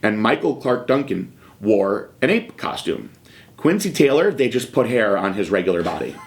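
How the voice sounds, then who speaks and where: A man in his thirties speaks in a fairly low voice, hosting a podcast. He tells his story frankly and casually, often pausing on fillers. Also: big pitch swings. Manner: frank, conversational, filler-heavy. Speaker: podcast host.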